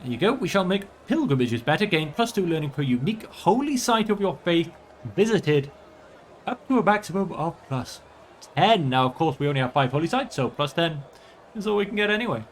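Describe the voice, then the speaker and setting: In this let's play, a man with a slightly high, expressive voice talks fairly quickly as he comments on a strategy game. He often lapses into mock-archaic, theatrical role-play as his ruler, with a little hiss or hum audible.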